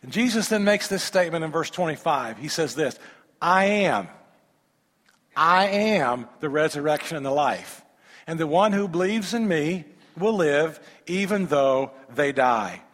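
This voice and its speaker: A man preaching a sermon, reading scripture aloud and breaking in with animated rhetorical questions and humorous asides to the congregation. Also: a little high, measured pace. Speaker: pastor. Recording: long reverb of a large hall.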